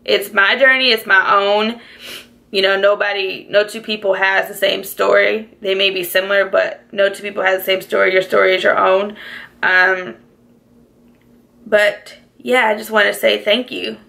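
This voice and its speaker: Young woman, vlogger, emotional and chatty, bright voice with some fry. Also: medium pitch, flat delivery, moderate pace. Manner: emotional, close to tears; chatty, many "like"s and "y'all". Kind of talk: casual storytime monologue.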